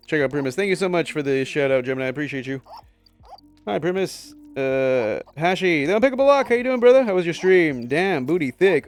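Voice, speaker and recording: A man's voice: fairly high pitch, expressive, a little fast, faint music behind. Joking, foul-mouthed young male streamer. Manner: joking, sarcastic, swears casually, laughs often. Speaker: game streamer. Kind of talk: live game stream, reading chat.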